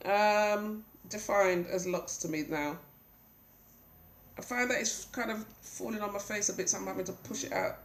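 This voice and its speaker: A woman's voice: on the high side, slight background noise. A woman from the UK with a cold, chatting in a rambling way with many ums as she gives a casual video update at home. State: has a cold. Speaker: vlogger. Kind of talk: casual hair update vlog. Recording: roomy home recording.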